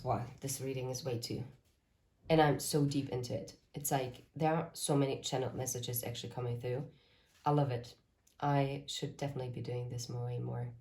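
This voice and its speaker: A woman whose voice rumbles low with a little mellowness lays out tarot cards for her viewers. Earnest about what spirit is telling her, she often strays into rambling side comments during this channeled reading to camera.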